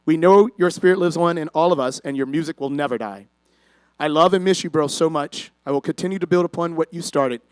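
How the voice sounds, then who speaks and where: A man's voice: on the high side, smooth, no echo, rough recording. Man giving an earnest memorial tribute. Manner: earnest, emotional, measured reading. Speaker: eulogy speaker, brother. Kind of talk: prepared memorial speech.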